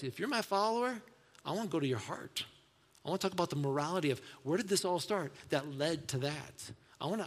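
A man preaching a sermon in a conversational way, acting out quoted voices and dropping to soft asides. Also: a little high, in a large hall. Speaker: pastor.

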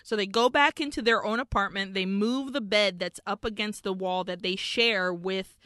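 A woman's voice: medium pitch, moderate pace, a bit bright, dry recording, studio quality. A woman co-hosting a podcast, animatedly retelling a movie plot with lots of swearing. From Argentina. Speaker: podcast co-host. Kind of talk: casual movie recap chat.

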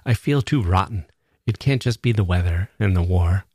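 A man's voice: sits low, animated, moderate pace, darkish tone, slightly rough, no echo. A man reading as a wry, rueful young newspaperwoman. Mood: weary. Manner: dry, rueful, understated. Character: wry young newspaper woman, feeling ill.

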